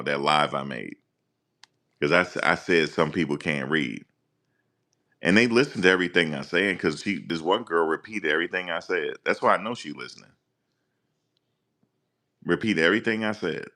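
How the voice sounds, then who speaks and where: A man hosting a live stream, talking casually and teasing his viewers in an animated rant. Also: sits low.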